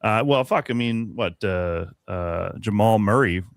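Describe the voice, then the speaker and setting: A man's voice: on the low side, a little slow, creaky, no echo. A man co-hosting a podcast, ranting profanely in casual sports chat and laughing often. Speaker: podcast co-host.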